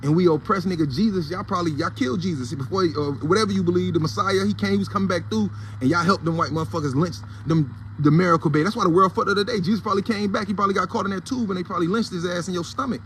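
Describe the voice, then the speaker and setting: Man, AAVE speaker, hosts a heated, blunt, preachy commentary rant at a rapid clip, voice pitched a touch high, faint traffic noise behind. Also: a bit bright. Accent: African American Vernacular English. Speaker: host of a morning commentary show.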